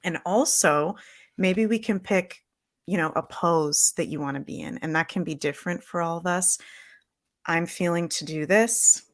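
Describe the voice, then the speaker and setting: Low-voiced woman guiding a meditation. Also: dry recording, clean studio sound. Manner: earnest, slow and soothing when guiding. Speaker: spiritual guest. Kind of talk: guided visualization.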